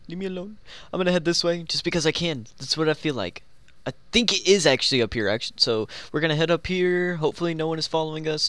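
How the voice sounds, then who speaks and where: A young man giving excitable, joking commentary while playing a game, talking to himself and the players around him. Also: a little high, no room sound. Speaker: gaming YouTuber. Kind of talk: live Minecraft gameplay commentary.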